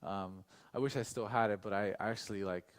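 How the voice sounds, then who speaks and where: A man's voice: fairly low pitch, steady tone, brisk, in a large hall. A male pastor telling a long personal story in a casual, chatty way, with many fillers and restarts and frequent asides to his listeners. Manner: speaks directly to the audience. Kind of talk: storytelling sermon.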